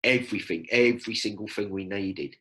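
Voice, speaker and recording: A man, telling lively stories as a podcast guest and acting out quoted lines. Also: on the low side, a little fast, poor audio. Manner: animated storyteller, acts out quotes. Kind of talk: casual storytelling chat.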